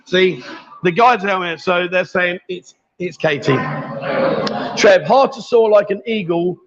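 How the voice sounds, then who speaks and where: A man with a high voice speaks a little slowly while hosting a livestream from a bar, crowd noise around him. He chats casually and teases his guests, and the livestream audio is dull and lo-fi.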